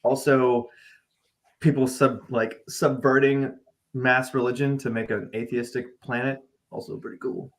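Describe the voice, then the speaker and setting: A man's voice: mid-range voice, level tone, unhurried. A man chatting casually on a podcast panel, blunt and joking, swearing freely. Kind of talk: casual group chat.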